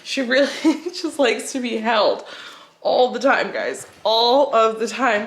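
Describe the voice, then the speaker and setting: A young woman casually vlogging about her day with her newborn, chatty and laughing often, at times cooing softly to the baby. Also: mid-range voice, expressive, measured pace, background noise. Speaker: vlogger mom. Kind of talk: casual vlog talk to camera.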